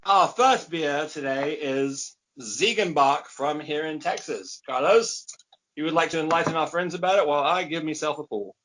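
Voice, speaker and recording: A man's voice: fairly high pitch, moderate pace, a bit bright, rough recording. Chatty man co-hosting a beer podcast. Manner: chatty, repeats words when starting sentences. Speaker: podcast co-host. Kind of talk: casual chat.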